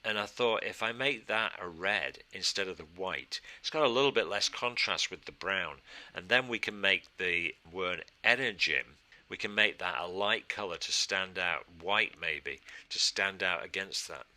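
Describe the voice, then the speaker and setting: A man's voice: low-pitched, moderate pace, sharp tone. A man teaching a casual design tutorial, thinking aloud and answering his own questions as he works. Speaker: design instructor. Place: studio.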